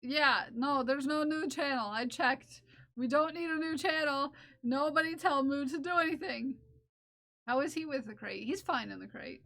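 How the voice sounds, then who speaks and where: A woman with a high, light voice hosts a casual live stream from home. She chats loosely with her viewers and playfully scolds them. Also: normal speed, bright, forceful tone. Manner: chatty, playfully scolding chat. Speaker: livestream host.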